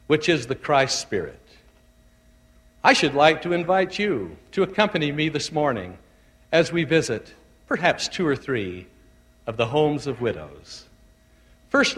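Measured bishop in an echoey hall. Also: male voice, medium pitch, fairly bright tone. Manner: measured, tender, deliberate. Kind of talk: sermon storytelling.

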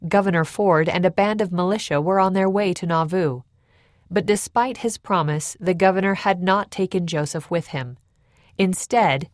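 Measured woman narrating history. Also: on the low side, no echo, clean studio sound. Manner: measured, even storytelling.

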